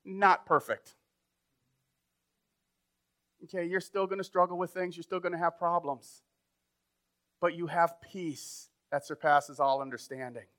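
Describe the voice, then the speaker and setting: A man's voice: fairly high pitch, steady tone, normal speed, fairly bright tone. Conversational man preaching a sermon. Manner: conversational preaching, rising to emphatic. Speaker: pastor.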